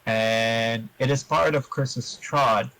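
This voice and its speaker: A man answering interview questions about his tabletop game in a measured, explanatory way, giving advice to other players. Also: mid-range voice, vocal fry, a bit bright, no room sound, soft background music, rough recording.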